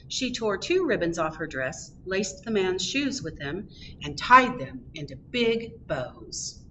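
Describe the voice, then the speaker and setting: A woman reading a picture book aloud at a library storytime, with expressive storytelling. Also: mid-range voice, takes it slowly, slight background noise. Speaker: storytime reader. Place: public library.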